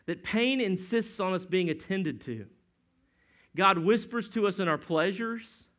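Middle-aged guy preaching, kinda high voice, tells stories and does little quotes. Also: fairly bright tone. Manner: conversational, storytelling with acted quotes. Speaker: pastor. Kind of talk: sermon.

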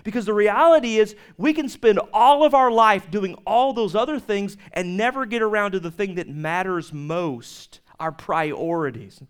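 Smooth-voiced preacher man with a high voice. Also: normal speed, hardly any pauses. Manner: conversational, animated storytelling with laughs and asides. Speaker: pastor. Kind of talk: sermon.

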